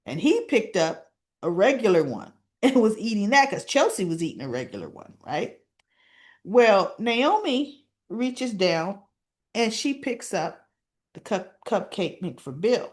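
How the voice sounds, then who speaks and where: A woman's voice: mid-range voice, big pitch swings, measured pace. A woman casually retelling soap opera scenes in a chatty storytelling way, often asking "right?" as she goes. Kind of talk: casual recap chat.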